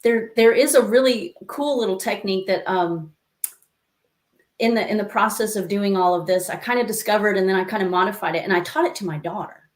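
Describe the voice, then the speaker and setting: A woman life coach telling stories as an interview guest, lively and acting out the voices she quotes, with many asides to the listener. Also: mid-range voice, a little fast. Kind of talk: conversational interview storytelling. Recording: echoey room.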